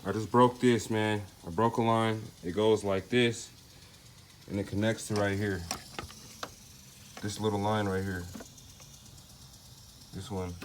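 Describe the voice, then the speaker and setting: Slangy low-voiced man narrating a car repair. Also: slight background noise. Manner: loose, slangy, thinking aloud while working. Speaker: DIY car repair vlogger. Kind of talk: casual how-to narration.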